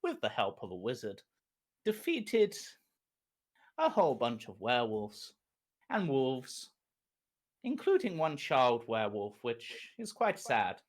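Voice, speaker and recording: A game master who laughs often, opening the show and narrating the recap of a tabletop game. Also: medium pitch. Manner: lively, laughs often, unhurried storytelling.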